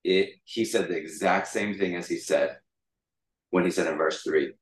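Speaking at a moderate pace in a deep voice, a male pastor delivers an animated, informal sermon. He retells a story conversationally, captured by a distant microphone in an echoey space.

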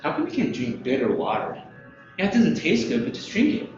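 Lively male Bible teacher, higher voice with big swings, echoey lo-fi room. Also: a little fast, faint music behind. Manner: animated, asks listeners questions, laughs often. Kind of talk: interactive Bible lesson.

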